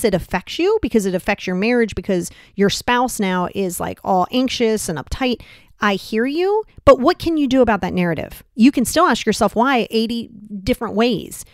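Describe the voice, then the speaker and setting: A woman with a slightly high voice hosts a solo motivational podcast, speaking directly, bluntly and casually, with some mild swearing and a barrage of rhetorical questions. The studio sound is clean, with no echo.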